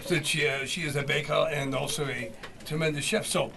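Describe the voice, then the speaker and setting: High, bright-voiced showman cooking on air. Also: steady tone, fairly quick, creaky. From Canada. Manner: earnest, showman-like, stumbling over words. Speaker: radio show regular. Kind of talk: comic cooking demo.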